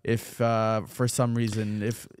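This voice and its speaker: A man's voice: lowish voice, monotone, unhurried, smooth, no echo. Chatty man hosting a talk podcast, dry sound. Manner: conversational, repeats words while gathering thoughts. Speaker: podcast host. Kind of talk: casual podcast chat.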